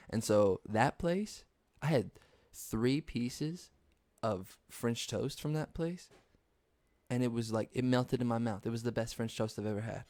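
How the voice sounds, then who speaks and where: A man's voice: fairly low pitch, steady tone, normal speed, a little mellow, no echo. A young man hosting a podcast, rambling through casual, profane stories and laughing at his own jokes. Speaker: podcast host. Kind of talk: casual storytelling monologue.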